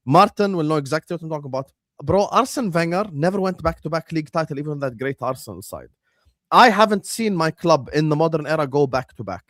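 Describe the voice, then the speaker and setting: A man's voice: on the high side, fast talker, no room sound, studio quality. Argumentative young man debating football. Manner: argumentative, animated, swears, says "wallah" and "inshallah". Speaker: host. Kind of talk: heated football debate on a stream.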